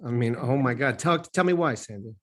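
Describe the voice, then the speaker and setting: A man's voice: medium pitch, fairly quick, fairly bright tone. A man, a rabbi, leading a casual study group, enthusiastic and asking the group questions.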